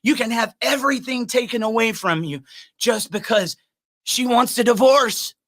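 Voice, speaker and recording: A man hosting a podcast, delivering a fired-up, preachy monologue that climbs into shouts. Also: extremely high pitch, normal speed. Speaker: podcast host.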